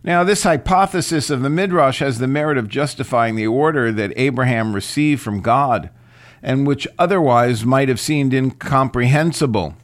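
A man giving a reflective lecture on scripture, speaking in a deliberate, questioning way. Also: medium pitch, no room sound.

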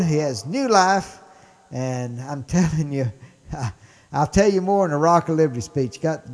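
A man's voice: fairly high pitch, darkish tone, big-room sound. Mississippi man, upbeat political host. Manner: enthusiastic, emphatic. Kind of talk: political commentary.

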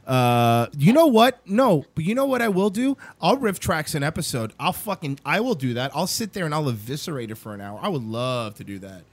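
A young man hosting a loose chat show, ranting and swearing with emphasis. His voice sits fairly high and swings widely in pitch. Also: big pitch swings, brisk, few pauses. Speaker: show host.

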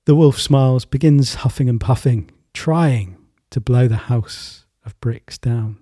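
Casting: male host, easygoing storyteller, husky, mellow, dry. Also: medium pitch, a little slow, no room sound. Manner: relaxed, rambling with fillers and restarts. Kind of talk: casual storytelling in a talk.

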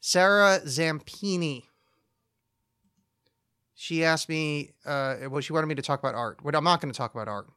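A man's voice: on the high side, normal speed, pauses often, pushed and bright, clear, resonant tone, no echo, studio quality. A man hosting a solo podcast, rambling through listener questions with profane, mock-outraged rants. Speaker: podcast host. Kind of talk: solo comedic rant podcast.

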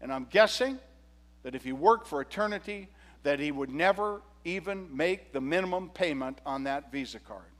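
A male pastor preaching a sermon, retelling a parable with animated, humorous storytelling. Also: a little high, normal speed, long reverb tail.

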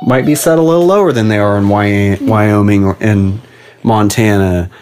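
A man's voice: on the low side, normal speed, a little mellow. A man from Oklahoma, a dad co-hosting a podcast, chatting casually and playing along in goofy make-believe games. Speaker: podcast co-host, father. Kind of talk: casual playful chat.

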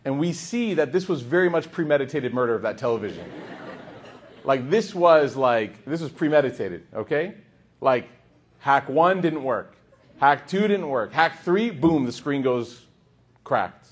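A man's voice: medium pitch, measured pace. A man giving a humorous storytelling sermon as a religious teacher, acting out the people in his story. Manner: animated, humorous, acts out quoted voices.

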